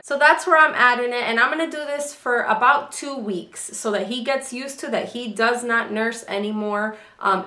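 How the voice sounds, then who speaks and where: A woman's voice: on the high side, bright, forceful tone. A young woman talking candidly in a casual video diary, a mother who sounds a little emotional. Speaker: vlogger, mother.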